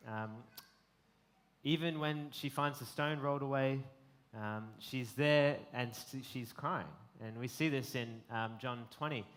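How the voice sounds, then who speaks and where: A man's voice: mid-range voice, a bit bright. Earnest man preaching a sermon. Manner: earnest, reflective, frequent ums. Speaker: pastor.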